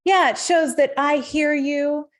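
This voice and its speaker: A woman's voice: high voice, fairly even intonation, unhurried. A woman hosting a casual interview, reflecting back and affirming what her guest says. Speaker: podcast host.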